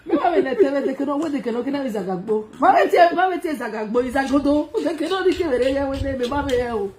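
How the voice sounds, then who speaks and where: A woman's voice: high voice, expressive, fast talker, darkish tone. A woman with a Nigerian accent, giggling and teasing in casual banter, chanting words over and over. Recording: noisy recording.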